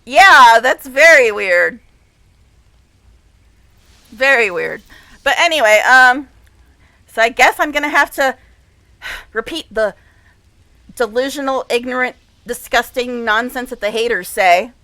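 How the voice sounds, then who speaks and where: A woman's voice: fairly high pitch, unhurried, long pauses, pushed and bright, no room sound. A woman streamer giving casual gameplay commentary, gushing and dramatic, laughing often. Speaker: game streamer.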